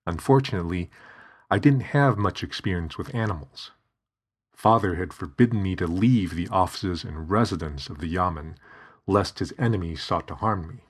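Male narrator, low and husky, reading steadily. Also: moderate pace. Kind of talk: scripted narration.

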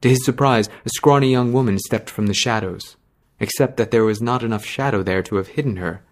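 A man narrating a fantasy story in a measured, dramatic reading. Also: mid-range voice.

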